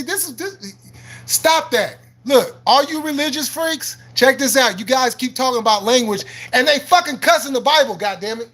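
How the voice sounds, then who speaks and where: A man with a very high, bright voice rants on his livestream, swearing freely and answering viewers in the chat. He argues in a combative, preachy way, repeats himself and breaks into laughs between points. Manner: preachy and argumentative, quoting scripture. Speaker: livestream host. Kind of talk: live-stream rant answering chat.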